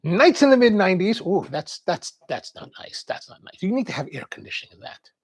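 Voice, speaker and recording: A Maryland man from the US East Coast hosts a coffee livestream, his high voice swinging widely in pitch at a fairly quick clip. He spins a rambling, casual story, reads out viewer comments, and laughs as he imitates the people he quotes.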